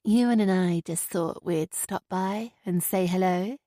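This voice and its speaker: A woman reading an audiobook, voicing a calm, kind and reasonable young mother in a soft, reassuring tone. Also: mid-range voice, normal speed, creaky, dry recording, studio quality, lightly acted. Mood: gentle. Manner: gentle, reassuring.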